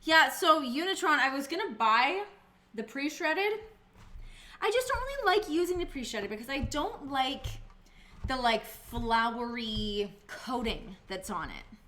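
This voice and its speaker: Woman streamer with a bright, crisp voice, chatty and loose-tongued, answering chat while cooking in her kitchen. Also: high voice, expressive, unhurried. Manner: chatty, answers viewer chat, swears casually. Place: home kitchen.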